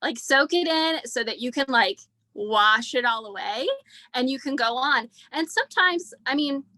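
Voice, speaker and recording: A woman in her thirties, earnest and emotional, talks in a loose, rambling way with lots of "like" and "um." Her voice is fairly high and sharply bright. The sound is close and dry, as on a video call. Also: lively intonation, normal speed, no echo. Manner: rambling, heavy use of "like" and "um". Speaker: speaker at a team leadership training. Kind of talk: casual heartfelt talk.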